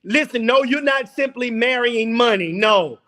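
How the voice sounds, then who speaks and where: A man hosting a men's round table, talking in an impassioned, preaching style that repeats phrases and rises to shouts. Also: very high voice, unhurried.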